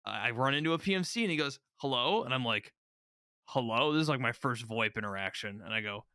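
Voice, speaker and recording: A man co-hosting a gaming podcast, telling stories in a loose, animated way. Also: medium pitch, quick pace, clear, resonant tone. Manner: animated storyteller, laughs through his stories. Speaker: podcast co-host. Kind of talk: casual gaming podcast chat.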